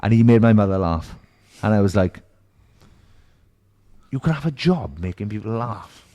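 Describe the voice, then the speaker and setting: A man's voice: fairly low pitch, lively intonation, moderate pace, dark tone, muffled recording. A middle-aged man with a Welsh accent from Merthyr Tydfil, a podcast guest telling stories in casual chat, swearing freely and acting out the voices of people he quotes. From Wales.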